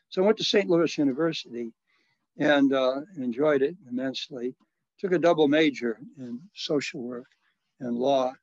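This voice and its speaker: Elderly male priest, eighties, halting reminiscing delivery, muffled dry recording. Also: mid-range voice, no room sound. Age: 80s. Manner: halting storyteller, frequent restarts and soft chuckles. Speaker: retired Catholic priest and social worker. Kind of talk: reminiscing in an interview.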